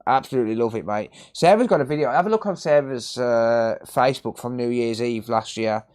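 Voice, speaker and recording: A man's voice: mid-range voice, fairly quick, a little mellow, smooth. A man chatting cheekily with viewers on a live repair stream. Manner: cheeky banter, jokey and a bit sweary. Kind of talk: casual live-stream chat.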